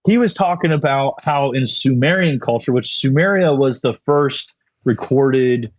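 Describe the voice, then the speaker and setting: A young man in his late twenties chats loosely as a podcast guest, swearing freely and circling back on himself through fillers and false starts. His mid-pitched voice sits in a dry, close space. The sound is a bit dull and muffled. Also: a little slow, no room sound. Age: young adult. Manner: rambling, profane, full of fillers and restarts. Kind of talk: casual podcast chat.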